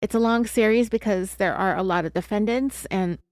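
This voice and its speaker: Hiccuping as she goes, a true crime podcast host talks at a brisk pace in a medium-pitched voice. Her style is chatty, candid and confessional, loaded with fillers, in an echo-free studio recording.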